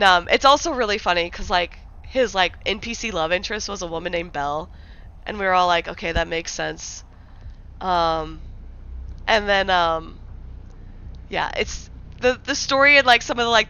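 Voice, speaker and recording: A woman's voice: mid-range voice, pushed and bright, dull audio. A young woman from the American Midwest chatting casually on a livestream, rambling with lots of fillers and restarts. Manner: rambling, filler-heavy, many likes and restarts.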